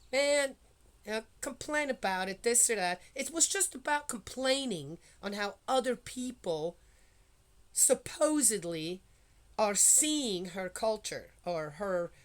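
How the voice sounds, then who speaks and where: A woman talking at a middle pitch in a loose, rambling way, often stopping to check in with her listeners. She then reads scripture at a slow, steady pace. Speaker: Bible reading vlogger. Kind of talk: casual chat and Bible reading.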